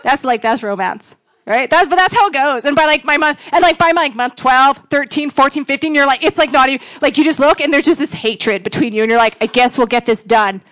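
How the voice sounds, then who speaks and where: A woman's voice: high-pitched, brisk, a bit bright. A woman youth pastor, giving a frank, self-deprecating personal testimony and acting out bits of dialogue. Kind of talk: candid personal testimony talk.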